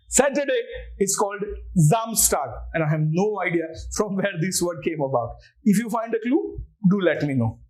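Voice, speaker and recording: A man with an Indian English accent and a high voice teaches an online language lecture, patiently spelling words out letter by letter.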